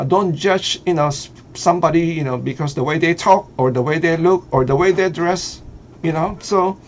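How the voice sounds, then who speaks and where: A middle-aged man with a Filipino accent talks in a loose, halting way, filling pauses with "uh" and "you know" and breaking into easy laughs. His voice sits a little high for a man. A faint hum of room noise runs behind him. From Philippines. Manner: hesitant, many fillers, laughs easily. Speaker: vlogger. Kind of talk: casual commentary.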